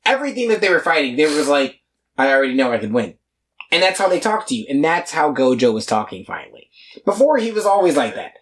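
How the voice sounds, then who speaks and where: A man's voice: fairly high pitch, sing-song, fast. A young man co-hosting a casual anime podcast, acting out character lines and laughing often. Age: young adult. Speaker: podcast co-host.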